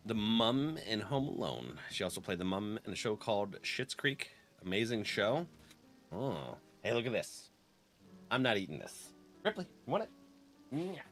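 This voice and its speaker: Brief: male game streamer, bright forceful tone, chatty, laughs a lot, faint music underneath. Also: mid-range voice. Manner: chatty, laughs often, clears throat. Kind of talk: casual live-stream chat.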